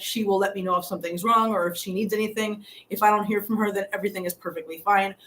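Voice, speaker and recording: A middle-aged woman hosting a casual live stream from a hotel room, rambling and repeating herself as she chats and reads viewer comments. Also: mid-range voice. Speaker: livestream host.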